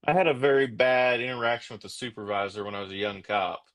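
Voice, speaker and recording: A middle-aged man, a former police officer, speaking as a guest in a steady, plain-spoken, reflective way. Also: mid-range voice, fast talker. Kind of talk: casual interview chat.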